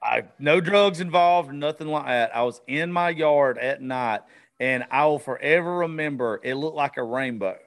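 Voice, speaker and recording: A man's voice: a little high, normal speed. A male podcast host in casual, profane chat, often stumbling and restarting his sentences.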